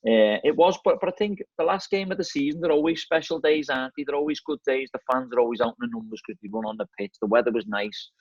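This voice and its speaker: A man's voice: mid-range voice, quick pace, hardly any pauses, no echo. A middle-aged man with a Scouse accent, telling stories as a guest in a casual chat, repeating words and often saying "mate". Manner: chatty, repeats words, says "mate" and "you know what I mean". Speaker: football manager guest. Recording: slightly dull, dry lo-fi audio.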